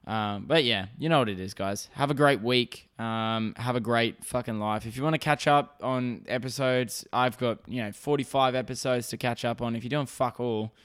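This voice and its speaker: A man's voice: medium pitch, moderate pace, few pauses, a bit bright, clean tone. An Australian man hosting a solo podcast, ranting and rambling with constant swearing. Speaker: podcast host.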